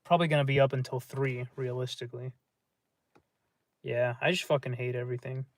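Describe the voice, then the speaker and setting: A man's voice: mid-range voice, fairly even intonation, fairly quick, dry recording. A man hosting a livestream, rambling in a gloomy, profane way while reading and answering chat. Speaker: livestream host.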